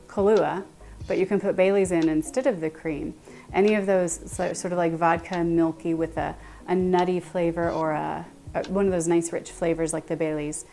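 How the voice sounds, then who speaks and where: A woman's voice: on the low side, mellow. A woman in her thirties chatting casually with her live-stream viewers while baking in her home kitchen, answering chat and laughing often. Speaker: livestream baking host.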